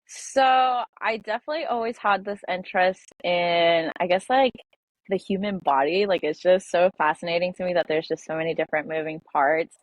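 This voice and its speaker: A woman's voice: on the low side, no room sound. A young woman in her twenties, a podcast guest, telling a personal story with many fillers and restarts. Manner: halting, filler-heavy, emotional retelling. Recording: dull lo-fi dry audio.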